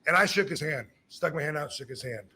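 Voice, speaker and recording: A man's voice: on the high side, a little fast, husky. A middle-aged man hosting a podcast, telling a story in casual talk and acting out what others said. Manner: animated, acts out quoted dialogue, frequent restarts. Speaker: podcast host.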